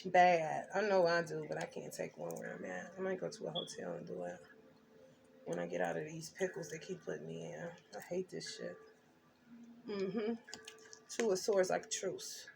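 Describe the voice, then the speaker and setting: A woman's voice: fairly low pitch, lively intonation, normal speed, creaky, darkish tone, slight background noise. A woman doing a tarot reading, telling her story intensely and emphatically with blunt slang. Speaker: tarot reader.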